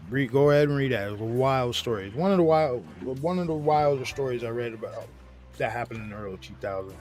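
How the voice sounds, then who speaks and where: A man's voice: mid-range voice, fast talker, a little mellow. A man with a New York accent hosting a casual chat, telling a long story with restarts and cursing. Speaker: host.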